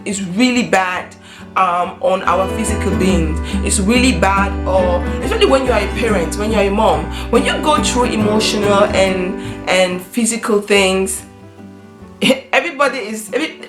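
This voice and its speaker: Earnest woman vlogger, echoey room. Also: mid-range voice. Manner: earnest, repeats and restarts phrases, animated emphasis. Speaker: vlogger, mother. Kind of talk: casual talk to camera. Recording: echoey room with soft guitar music.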